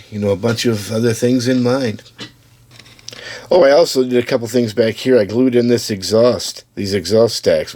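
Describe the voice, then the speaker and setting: Low-voiced man chatting through a hobby build. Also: a little mellow, dry recording. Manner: easygoing, talks to camera while showing parts, with small restarts. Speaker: hobbyist building custom slot cars. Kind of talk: casual build-update video.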